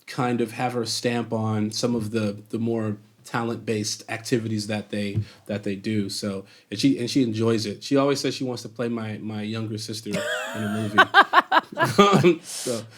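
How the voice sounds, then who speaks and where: A man's voice: lowish voice, moderate pace. A man from Chicago, a guest actor, telling stories in a casual interview, laughing often and restarting his sentences. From Chicago, USA. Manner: laughs often, animated storyteller with many restarts.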